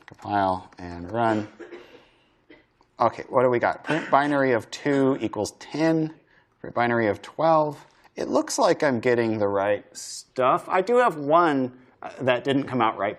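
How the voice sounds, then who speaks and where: A man giving a university programming lecture, thinking aloud as he codes, casual and chatty with frequent fillers and restarts. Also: lowish voice. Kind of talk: live-coding lecture.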